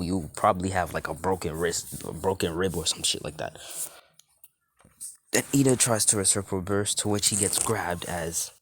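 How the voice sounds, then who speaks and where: Casting: low-voiced man telling a fan story off the cuff, rambling, filler-heavy, light hiss on the track. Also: a little fast. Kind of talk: casual fan-fiction narration.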